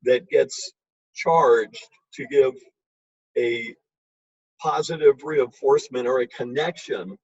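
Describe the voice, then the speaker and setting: Husky, emphatic male wine lecturer. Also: medium pitch, takes it slowly, pauses often, a little mellow, no room sound. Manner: emphatic, blunt and chatty. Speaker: wine educator. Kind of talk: informal lecture. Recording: dull lo-fi recording.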